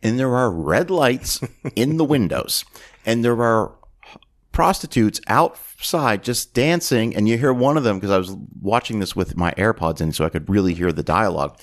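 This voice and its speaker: A man's voice: on the low side, lively intonation, moderate pace. A man co-hosting a podcast, casually retelling a film scene and jumping into put-on voices for quoted lines. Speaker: podcast co-host. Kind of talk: casual movie-review chat.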